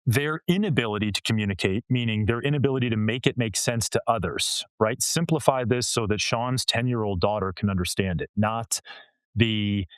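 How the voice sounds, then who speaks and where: A man's voice: on the low side, normal speed, smooth, no room sound. A man speaking as a communication coach in a podcast interview, explaining ideas in an earnest, coaching way with everyday examples. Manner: earnest, coaching tone with illustrative quotes. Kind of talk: conversational interview answers.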